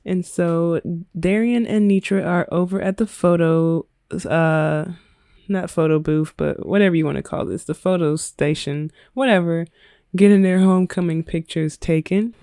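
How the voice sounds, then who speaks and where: A woman's voice: on the low side, normal speed, dark tone, no room sound. Woman, let's-play commentary, chatty, giggly, slangy, dry close sound. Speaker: gaming video creator.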